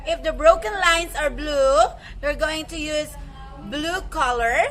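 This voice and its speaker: A woman's voice: sits high, measured pace, a bit bright, faint music behind. A Filipino woman teaching young children in an online class, patiently mixing English and Tagalog and imitating animal sounds.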